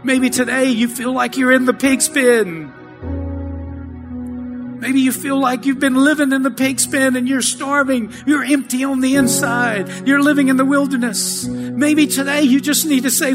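A man's voice: very high-pitched, fairly even intonation, normal speed. A male pastor giving a fervent, pleading altar call and prayer with a repetitive preacher cadence. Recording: with music playing behind. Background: soft music.

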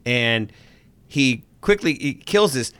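Animated man recapping a show. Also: medium pitch, slow, clear, resonant tone, no room sound. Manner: animated, acts out scenes and sound effects. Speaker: podcast co-host. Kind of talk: casual episode recap chat.

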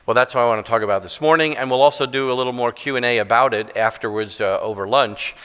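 A middle-aged man preaching a sermon with stories, self-deprecating and halting, with many restarts. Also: mid-range voice, a bit bright, clear, resonant tone. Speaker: guest preacher. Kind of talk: sermon with storytelling. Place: church sanctuary. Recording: long church reverb.

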